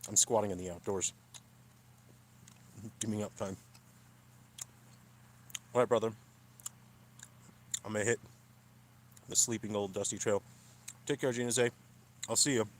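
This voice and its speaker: A man's voice: on the low side, fairly even intonation, measured pace, long pauses, slight background noise. A man livestreaming casually from a mountain campsite at night, huffing and puffing in the thin air. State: out of breath.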